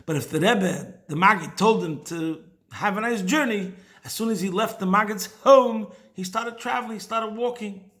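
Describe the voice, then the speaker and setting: A man giving a weekly Torah talk, telling a Chassidic story in a lively way and dropping in Hebrew and Yiddish words. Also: high-pitched, normal speed. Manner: animated storyteller mixing in Hebrew and Yiddish terms. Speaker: teacher of Chassidic thought.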